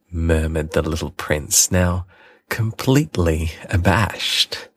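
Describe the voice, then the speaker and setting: A man reading a classic storybook aloud in a gentle, deliberate way. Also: low voice, slightly rough, no room sound. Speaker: audiobook reader.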